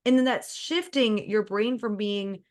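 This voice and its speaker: A woman coaching a business client talks quickly and emphatically about the client's mindset. When she imitates her inner voice, her pitch shoots higher.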